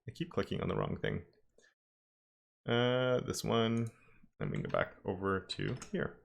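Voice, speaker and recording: Guy with a lowish voice teaching code on a livestream, chatty, corrects himself a lot, keyboard clacking. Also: a little slow, gravelly. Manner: casual, thinking aloud with self-corrections. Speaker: web development instructor. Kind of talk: live-streamed coding lesson.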